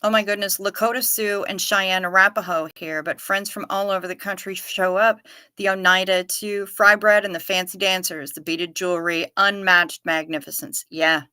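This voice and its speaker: A woman's voice: medium pitch, fairly even intonation, normal speed, bright, forceful tone, clear, resonant tone, dry recording, clean studio sound. A woman hosting a casual livestream, chatting and reading out viewer comments as she answers them. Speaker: livestream host.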